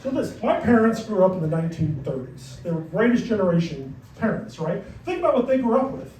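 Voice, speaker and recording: A middle-aged man performing a stand-up comedy set on a club stage, telling dark stories in a deadpan way with asides to the crowd. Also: sits high, fairly quick, echoey room, distant mic, a little hiss or hum, poor audio.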